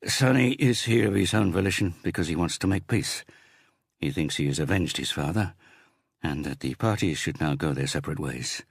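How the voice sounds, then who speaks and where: Audiobook thriller: a man doing a steady older cop negotiating, low husky voice. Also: no room sound, studio quality, heavily acted. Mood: measured. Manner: measured, hushed. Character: older police chief inspector, calm negotiator.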